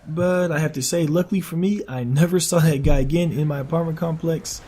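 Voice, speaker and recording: A young man telling a casual, profane story for his vlog in an animated way. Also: a little high, fairly quick. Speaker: vlogger.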